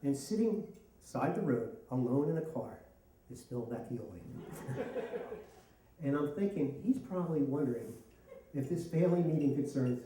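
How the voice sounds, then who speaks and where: A middle-aged man tells a comic story live on stage, self-mocking and lively. His voice comes from a distance in an echoey hall. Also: medium pitch, normal speed, pauses often, slight background noise. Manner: animated, self-mocking, laughing through lines. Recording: echoey hall, mic from far off.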